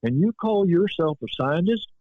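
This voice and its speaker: A man's voice: high voice, lively intonation, normal speed, dry recording, narrow, tinny audio, pitched above the performer's own voice. A man voicing a plain-spoken older man with a Southern US accent, earnest and direct. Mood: indignant.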